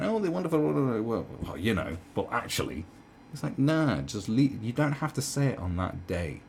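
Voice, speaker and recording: A man's voice: fairly low pitch, darkish tone, a little hiss or hum. A man delivering a heated, profane commentary rant, full of stumbles and restarts. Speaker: commentary vlogger. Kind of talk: ranting commentary.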